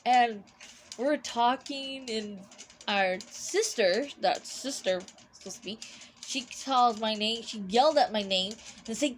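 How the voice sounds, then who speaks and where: Rambling young woman with a slightly high voice. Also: a little hiss or hum. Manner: rambling, halting, with many restarts and fillers. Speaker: vlogger. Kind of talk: casual storytelling.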